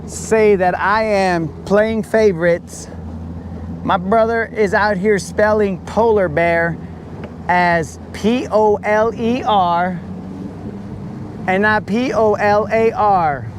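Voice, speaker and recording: Guy on a bass boat livestream, slow easy talk, kinda higher voice, teasing jokes. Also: noisy background. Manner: teasing, joking banter. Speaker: fishing vlogger. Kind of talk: casual live-stream chat. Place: boat on a lake.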